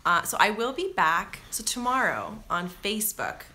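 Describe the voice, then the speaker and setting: A woman's voice: mid-range voice, wildly swooping pitch, moderate pace, sharp tone, slight background noise. A Canadian woman in her thirties talking to camera in a casual, scattered vlog chat, laughing easily as she goes. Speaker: vlogger.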